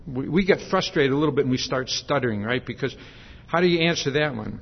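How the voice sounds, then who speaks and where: A man's voice: medium pitch, animated, moderate pace, vocal fry, few pauses, lo-fi sound. A man preaching a sermon in a conversational way, with many fillers and restarts, and asking the congregation questions.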